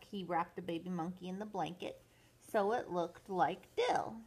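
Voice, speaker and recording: An older woman, a grandmother, reading a picture book aloud to children in a slow, expressive, sing-song way. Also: fairly low pitch, husky. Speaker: grandmother storyteller.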